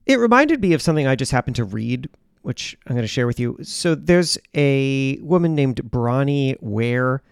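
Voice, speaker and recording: A man's voice: mid-range voice, sing-song, normal speed, no room sound, clean studio sound. A man hosting a podcast, reflecting on a story he has just played for listeners. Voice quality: gravelly. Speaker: podcast host.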